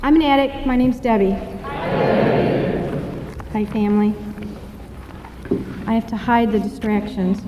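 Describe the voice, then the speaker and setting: A woman's voice: fairly high pitch, unhurried, pauses often, background noise. A woman giving a candid, self-deprecating personal testimony as guest speaker at a recovery meeting, joking between serious moments. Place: meeting hall. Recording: echoey hall, dull muffled sound.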